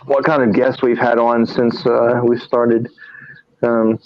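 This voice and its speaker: A man co-hosting a live paranormal talk stream, speaking in a halting, tired monotone with many fillers and restarts. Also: medium pitch, no echo. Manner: monotone, tired from little sleep. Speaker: paranormal investigator and show co-host. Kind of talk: casual live-stream chat. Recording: dry, dull lo-fi stream audio.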